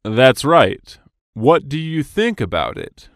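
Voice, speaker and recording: Male reader for lesson dialogues: slow, clearly enunciated, lively intonation, dry studio sound. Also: mid-range voice, no room sound. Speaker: dialogue reader for English practice. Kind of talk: scripted business dialogue reading.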